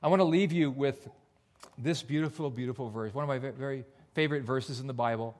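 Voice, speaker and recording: A male pastor preaching a sermon, earnest and personal, dropping almost to a whisper on soft points. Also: mid-range voice, a little fast. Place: church.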